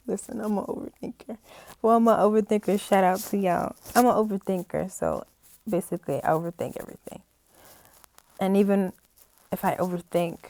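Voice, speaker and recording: A woman's voice: medium pitch, a little mellow, no room sound. A young woman talking to camera on her own channel, heartfelt and rambling, often tearful and close to crying. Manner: heartfelt, rambling, repeats "you know". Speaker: channel host. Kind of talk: casual talk to camera.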